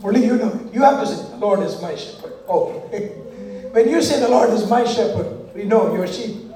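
High-voiced preacher in an echoey church. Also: male voice, moderate pace, dark tone, a little hiss or hum. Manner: rhythmic call-and-response preaching with repeated parallel phrases. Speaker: pastor. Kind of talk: sermon. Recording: echoey church hall from far off.

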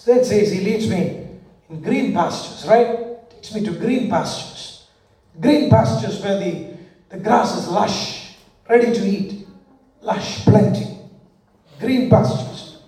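A man's voice: high-pitched, slow pace, long pauses, dark tone. A male pastor preaching a sermon, with rhythmic call-and-response and repeated parallel phrases, recorded in a church. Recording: echoey church hall from far off.

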